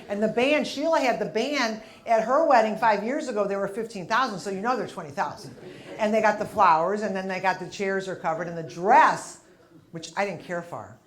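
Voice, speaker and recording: A woman's voice: medium pitch, lively intonation, brisk. A middle-aged woman doing a stand-up routine, telling stories and acting out characters with big exclamations. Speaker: stand-up comedian.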